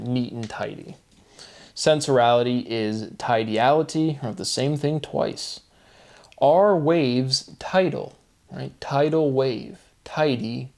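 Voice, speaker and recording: Guy musing out loud solo, slow questioning, average pitch. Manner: slow, questioning, breaks into laughter. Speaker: solo video host. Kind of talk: musing monologue on word forms.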